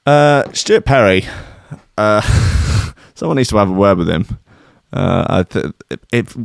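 A man's voice: lowish voice, a little slow, vocal fry, no echo, studio quality. Sardonic man riffing on news. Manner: sardonic, mock-outraged, deadpan asides. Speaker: comedic news commentator. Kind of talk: reading news aloud with sarcastic commentary.

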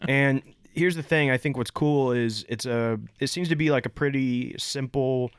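A man's voice: medium pitch, moderate pace, smooth, no room sound. A man hosts a laid-back podcast with a mid-range voice. He rambles with fillers and cracks jokes as he goes. The sound is dry and close, with no room around it. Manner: loose and jokey, rambling with fillers. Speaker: podcast host. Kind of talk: casual podcast chat.

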